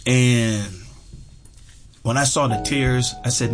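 A man's voice: mid-range voice, fairly even intonation, takes it slowly, over music. A middle-aged man telling a heartfelt personal story, earnest, with lots of fillers and repeated words. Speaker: interview guest.

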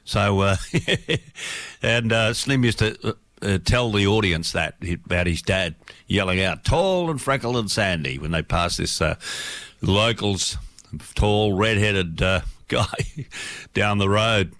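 Aussie radio guy, lowish voice, dry close sound, rambles on with a folksy yarn. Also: fairly even intonation, slow, fairly bright tone, no echo. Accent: Australian. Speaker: radio presenter. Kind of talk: casual radio presenting.

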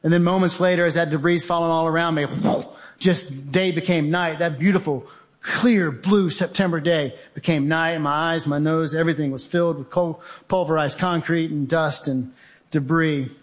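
A man tells a personal story on stage with urgent, vivid energy. His voice sits a little high for a man, and he pushes through some lines quickly, then drags others out slowly for weight. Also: steady tone. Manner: vivid, urgent storytelling that speeds up and slows down, addressing listeners as guys. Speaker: speaker giving a talk. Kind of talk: dramatic storytelling presentation.

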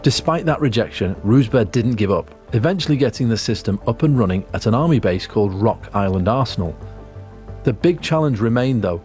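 Sex: man. Role: reporter narrator. Style: scripted documentary narration. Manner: measured, storytelling. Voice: lowish, over soft music.

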